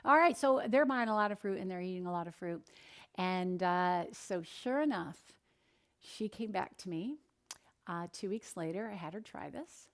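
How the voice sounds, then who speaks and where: Energetic woman nutritionist giving a talk. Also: lowish voice, normal speed. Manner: energetic, animated, encouraging; tells stories from her counseling work.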